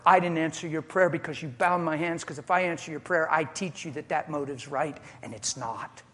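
Patient, tender God as a preacher voices him, quiet and measured. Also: male voice, on the high side, lightly acted. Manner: soft, calm, tender. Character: God, gentle and patient speaking to a woman.

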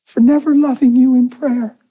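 Male preacher doing a crying wife: high, pleading, voice cracking. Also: level tone, moderate pace, husky, narrow, tinny audio. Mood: tearful confessing. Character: tearful wife apologizing over and over, adult woman.

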